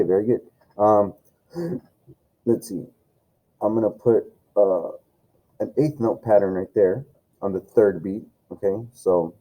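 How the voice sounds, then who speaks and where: A man with a fairly low voice runs a video music lesson from home. His tone is dark and mellow. He talks loosely and encouragingly, with many fillers. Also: poor audio. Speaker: music teacher. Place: home room with camera and tablet.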